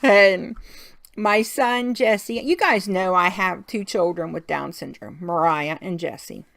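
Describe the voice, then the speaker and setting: In this craft video, a middle-aged woman speaks slowly in a mid-range, fairly bright voice with vocal fry and no room sound. She rants casually and folksily, talkative throughout and breaking into frequent laughter as she vents.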